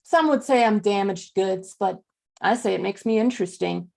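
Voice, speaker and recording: A woman's voice: medium pitch, normal speed, vocal fry, darkish tone. A woman playing a battered but upbeat female toy doll in an improv comedy sketch on a video call. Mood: chipper.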